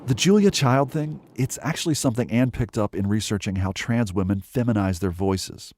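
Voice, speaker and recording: A male reporter reading scripted radio narration into a close studio mic, measured and lively. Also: on the low side, dry recording.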